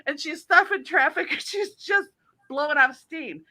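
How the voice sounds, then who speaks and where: A middle-aged woman hosting a casual talk show, telling animated stories and laughing often. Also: high-pitched, unhurried. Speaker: host. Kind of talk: casual chat.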